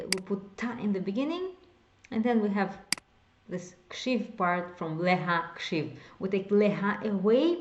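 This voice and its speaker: A woman's voice: medium pitch, darkish tone, echoey room, muffled recording, a little hiss or hum. A woman teaching a beginners' language lesson, explaining step by step and repeating example phrases. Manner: explains slowly, repeats example phrases, whispers some words to demonstrate. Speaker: Hebrew teacher.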